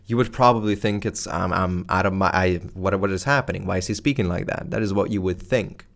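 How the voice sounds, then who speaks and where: In a low voice, a YouTube creator teaches strategy to video creators in an energetic talking-head lesson. He talks close to a camera-facing microphone, loud and playful, casual and slangy, hamming up his excitement on purpose.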